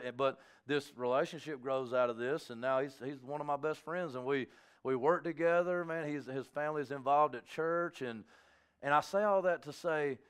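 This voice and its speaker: A man's voice: high-pitched, a bit bright. A middle-aged man preaching a sermon, moving between fervent exhortation and chatty storytelling with acted-out asides. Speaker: pastor.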